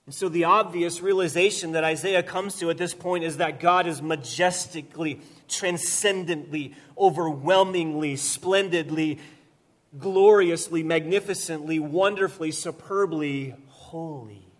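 Guy preaching a sermon, kinda high voice, gets loud then drops real quiet, bit of humor. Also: steady tone. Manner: dynamic preaching, swings from loud emphatic repetition to quiet slow lines; gentle humor. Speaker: pastor.

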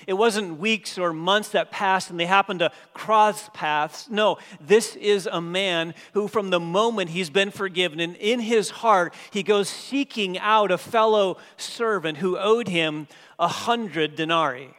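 A man preaching a sermon as pastor, dynamic, swinging from hushed passages to emphatic ones. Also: high voice, a little slow, hardly any pauses. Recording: long hall reverb.

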